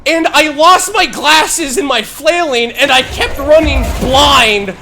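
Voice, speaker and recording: A man telling a story on a live stream, rambling with many fillers and swearing freely, building to loud, animated bursts. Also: extremely high pitch, slow pace, background noise.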